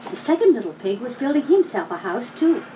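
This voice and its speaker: A woman narrating a children's storybook in a measured, gently expressive way. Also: fairly high pitch. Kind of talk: storybook read-along narration. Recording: noisy, distant old record.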